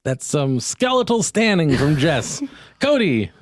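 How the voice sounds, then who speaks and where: A male podcast host reads tweets aloud in a playful, mock-grand tone. His pitch swings freely, and he takes his time. The sound is dry and close-miked. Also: big pitch swings, slow pace, no echo. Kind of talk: casual comedy podcast chat.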